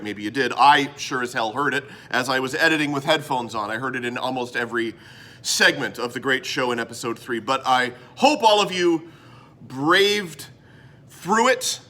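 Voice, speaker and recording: A man hosting his own comedy web show, talking to camera in a rambling, sarcastic monologue that swings from mutters to loud bursts. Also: mid-range voice. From Canada.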